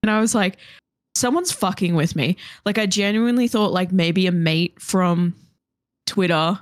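A woman co-hosting a podcast, telling an animated story with laughter and swearing. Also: on the low side, moderate pace, no echo, studio quality. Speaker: podcast co-host. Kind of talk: casual chat.

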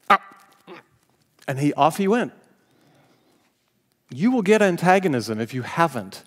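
A male pastor with a mid-range, fairly bright voice preaches a sermon at a measured pace, leaving long, expressive pauses. He tells stories full of self-deprecating humor and laughs now and then as he speaks. The recording carries a long hall reverb.

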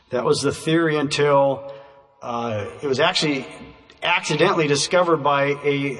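A man preaching a sermon, telling an illustration in a measured way and slowing to stress key words. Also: on the high side, a bit bright. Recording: reverberant hall, voice from a distance.

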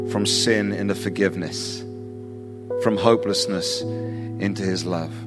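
An English preacher delivers an impassioned evangelistic message to a crowd. His voice rings out with a long reverb from a big hall. Faint music plays beneath his words. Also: lowish voice. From England. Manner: impassioned, building to invitation then softening. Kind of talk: evangelistic sermon. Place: large hall with live audience.

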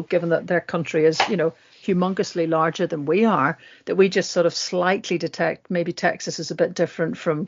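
A co-host in a casual discussion, talking in a chatty, rambling way with quick asides, on muffled lo-fi audio. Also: medium pitch, creaky.

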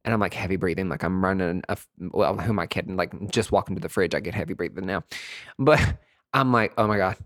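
A man's voice: low voice, fast talker, fairly bright tone. Campy, chatty man telling stories. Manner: campy, chatty, profane, calls listeners sweetie. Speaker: podcast host. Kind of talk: casual storytelling monologue.

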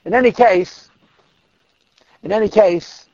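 A man telling a Hasidic story to listeners in an animated, emphatic way, repeating words for stress. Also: high voice, slow pace, no echo. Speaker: religious storyteller. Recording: dull lo-fi, dry recording.

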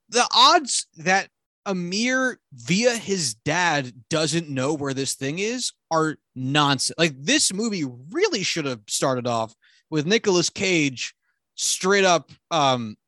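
Male podcast co-host, lively swinging delivery, rambling and profane, dry sound. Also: a little high, no room sound. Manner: rambling, profane, animated retelling. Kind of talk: casual movie review chat.

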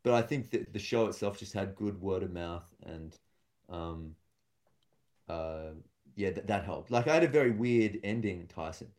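A young man with a low, darkish voice and lively intonation speaks at a moderate pace. A stand-up comedian in casual podcast talk, he rambles as he tells stories and voices the people he's quoting.

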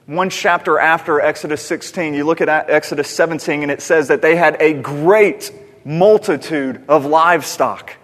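A man preaching a sermon as pastor, conversational and animated, asking rhetorical questions of the congregation. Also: on the high side, long reverb tail.

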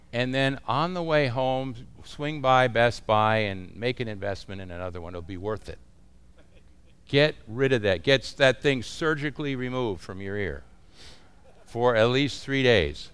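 A man's voice: medium pitch, a bit bright, clean tone. Folksy man teaching pastors. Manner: folksy, conversational, chuckles often. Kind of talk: informal teaching talk.

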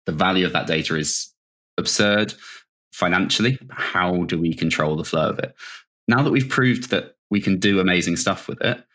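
A man's voice: low voice, normal speed, a bit bright. A man from the UK co-hosting a podcast in casual chat, with a nasal voice and an opinionated, wry way of talking. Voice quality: self-described nasal voice. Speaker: podcast co-host.

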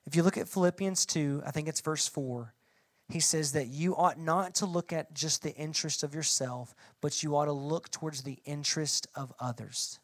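A young adult woman preaching a sermon to middle schoolers in an animated, conversational way, asking the audience questions. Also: sits low, normal speed, no room sound, clean studio sound. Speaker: youth pastor.

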